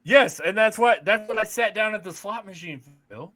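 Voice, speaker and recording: A man's voice: high-pitched, moderate pace, bright, forceful tone. A man from the United States, co-hosting a podcast, telling crude stories in casual chat and laughing often. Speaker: podcast co-host.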